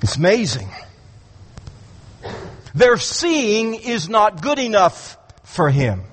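A man with a high voice preaches in a large church, his words trailing off in a long hall reverb. He delivers the sermon with emphatic, dramatic swings in pitch and volume, and he stumbles through repeated words as each thought starts. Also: wildly swooping pitch, slow, husky. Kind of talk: expository sermon.

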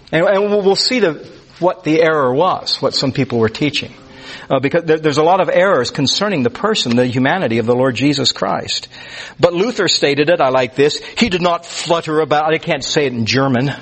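A man's voice: fairly high pitch, expressive, moderate pace, a bit bright, breathy edge. A man preaching a conversational sermon to a group, often restarting his words and rising sharply on key phrases. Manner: conversational, stammers on restarts, rises on emphasis. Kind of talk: sermon teaching. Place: church or class room with listeners.

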